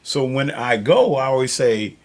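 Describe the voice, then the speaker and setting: A man's voice: mid-range voice, expressive, moderate pace. A man hosting a podcast, chatting in a loose storytelling manner and laughing often. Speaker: podcast host. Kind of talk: casual conversational interview.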